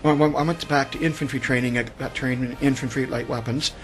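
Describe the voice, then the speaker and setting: A man's voice: mid-range voice, fairly even intonation, a little fast, poor audio. Rambling older man telling war stories. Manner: rambling, repeats words while recounting. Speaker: guest, Vietnam veteran author. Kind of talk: radio interview storytelling. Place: radio studio.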